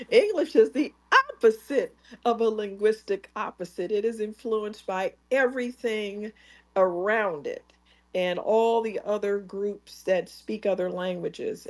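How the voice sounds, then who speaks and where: A woman's voice: mid-range voice, a little mellow. Emphatic woman co-host on a call. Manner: emphatic, declarative, repetitive. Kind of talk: impassioned talk-show discussion.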